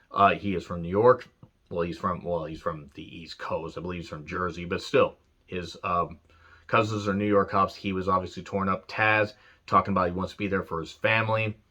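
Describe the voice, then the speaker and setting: A man's voice: lowish voice, sharp tone. A man reviewing an old wrestling show in a casual, rambling rant, earnest and full of fillers.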